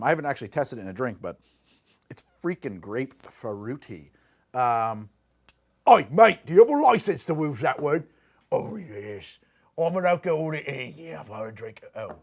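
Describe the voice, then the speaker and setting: A middle-aged man with a New Jersey accent, hosting a rambling, jokey live stream from his home bar and reading out chat comments. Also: mid-range voice. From New Jersey, USA. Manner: rambling, animated, jokey asides. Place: home bar and lab room.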